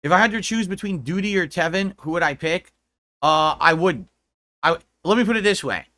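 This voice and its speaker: A man on a livestream rants at his critics with profanity and mockery. His voice sits a little high and sounds bright and forceful, with a combative edge. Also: moderate pace.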